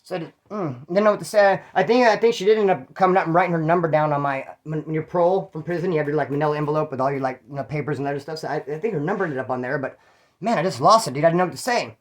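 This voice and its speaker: A channel host with a higher voice talks fast as he tells first-person prison stories from the street. His casual delivery is rambling and profane, packed with streetwise slang.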